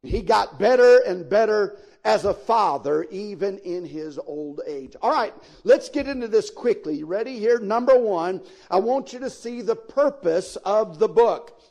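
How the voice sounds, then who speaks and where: A man's voice: high-pitched, lively intonation, measured pace, hardly any pauses, a little mellow. A man preaching a sermon as pastor, speaking directly to his listeners and swelling into sudden emphatic peaks. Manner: folksy, addresses listeners directly.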